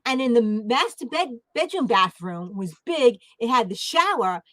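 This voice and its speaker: A woman's voice: fairly high pitch, very animated, unhurried, a bit bright, no echo. A woman hosting a livestream panel, chatting casually and playfully with lots of laughter. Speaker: livestream host. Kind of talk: casual chat.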